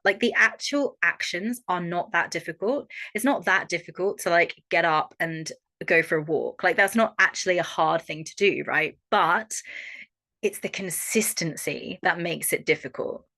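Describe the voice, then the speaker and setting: A young Australian woman coaching a workshop audience in a frank, animated way and swearing freely. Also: fairly low pitch. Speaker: holistic coach. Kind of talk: online workshop talk.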